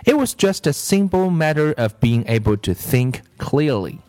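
A man reading a children's story aloud in an expressive, measured manner. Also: on the high side. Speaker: narrator.

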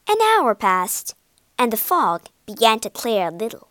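Slow, theatrical woman storyteller. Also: on the high side, very animated, fairly bright tone, no echo. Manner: theatrical, dropping into whispers for suspense. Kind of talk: storybook narration.

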